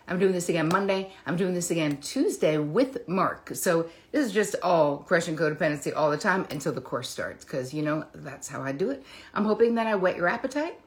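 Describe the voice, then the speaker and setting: A low-pitched woman therapist hosts a solo live stream, talking straight to her viewers. She is middle-aged, candid and chatty, and drops the odd swear word while poking fun at herself. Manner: candid and chatty, swears casually, self-deprecating.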